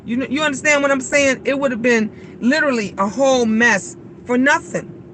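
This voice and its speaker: Blunt, lively woman in her fifties. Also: high voice, moderate pace, slight background noise. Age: 50s. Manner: animated, frank and blunt, acts out quoted voices. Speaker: vlogger. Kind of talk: casual chat.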